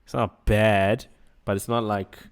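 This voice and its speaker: A man's voice: on the low side, flat delivery, unhurried, clean tone. A man co-hosting a podcast in casual chat, laid-back, laughing often and trailing off. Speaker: podcast co-host.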